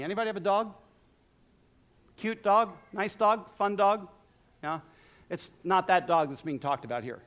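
A man preaching a sermon in a lively, humorous way, often laughing at his own jokes. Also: high-pitched, unhurried, long pauses.

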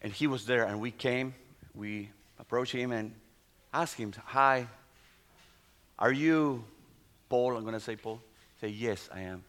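A middle-aged man, a pastor whose first language is Spanish, tells a testimony in a sermon in halting English full of restarts. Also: medium pitch, fairly bright tone. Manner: non-native English, halting storytelling with restarts.

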